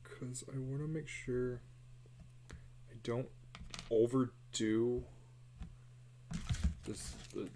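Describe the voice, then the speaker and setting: A man's voice: medium pitch, fairly even intonation, drawn-out words, long pauses, mellow, slight background noise. A man chatting casually and muttering self-deprecating remarks while he draws on a live stream. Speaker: artist streaming a live drawing session.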